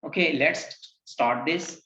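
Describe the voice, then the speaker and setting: Slow, patient male Quran teacher. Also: fairly high pitch, sharp tone, a little hiss or hum. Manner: patient, repeats letter names for the learner to echo. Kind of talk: slow recorded lesson with call-and-repeat drills. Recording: roomy, dull lo-fi sound.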